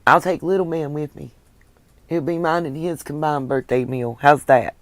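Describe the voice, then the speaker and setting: A woman with a Southern US accent hosting a casual livestream, chatting warmly and thanking viewers by name. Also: sits low, steady tone, moderate pace, no room sound. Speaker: livestream host reading viewer comments. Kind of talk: casual chat.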